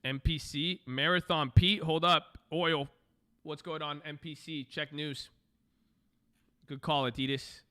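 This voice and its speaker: A man's voice: on the high side, little pitch movement, slow, pauses often, bright, forceful tone, smooth. A man giving loose, joking commentary while streaming live trades, often swearing and thinking aloud. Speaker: live stock-trading streamer.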